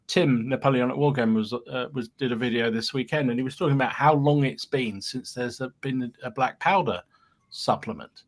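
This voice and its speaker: A man from Britain co-hosting a casual podcast chat. He sounds enthusiastic, agrees and jokes readily, and speaks at a middling pitch. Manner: enthusiastic, quick to agree and joke.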